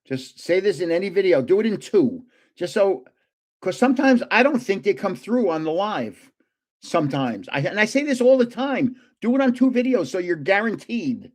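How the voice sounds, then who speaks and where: A man's voice: high voice, very animated, moderate pace. An older man hosting a casual live stream, chatting and joking as he guesses card names aloud. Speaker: livestream host opening trading cards.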